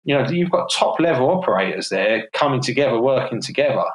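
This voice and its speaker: A man's voice: medium pitch, lively intonation, a little fast, echoey room, slight background noise, low-quality recording. A man with a London accent, co-hosting a casual football podcast, chatty and opinionated, laughing often. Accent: London English. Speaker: podcast co-host.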